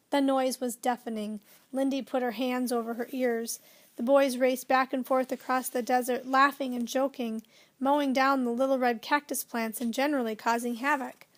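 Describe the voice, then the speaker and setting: High-voiced woman reading a storybook. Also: level tone, moderate pace. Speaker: audiobook narrator. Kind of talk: children's storybook narration.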